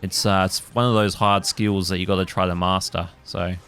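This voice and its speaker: A man's voice: low-pitched, flat delivery, moderate pace, fairly bright tone. A man hosting a gaming channel, giving casual let's play commentary, rambling with many fillers and the odd swear.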